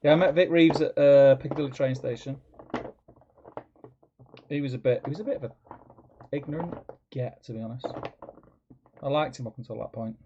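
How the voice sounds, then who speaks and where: A man's voice: medium pitch, brisk, long pauses, noisy background. A man co-hosting a casual livestream chat, with short dry remarks. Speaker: co-host. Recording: dull lo-fi mic.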